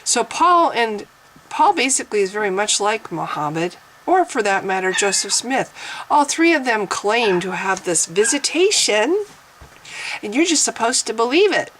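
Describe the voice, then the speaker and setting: A woman's voice: on the high side, sing-song, moderate pace, fairly bright tone, slight background noise, low-quality recording. A woman talking straight to camera in an opinion vlog, sarcastic and argumentative, often repeating herself as she presses her point. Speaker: vlogger.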